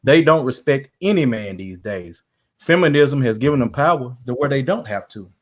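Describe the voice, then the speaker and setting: A man hosting a casual live-stream discussion, talking in halting bursts with frequent restarts and fillers. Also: medium pitch, lively intonation. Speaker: stream host.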